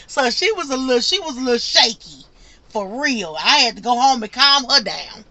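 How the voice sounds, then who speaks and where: Bright, chatty woman telling her story. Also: sits high, expressive, moderate pace, slight background noise. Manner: chatty, repeats herself, acts out quotes. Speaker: truck driver vlogger answering questions. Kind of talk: casual Q&A vlog.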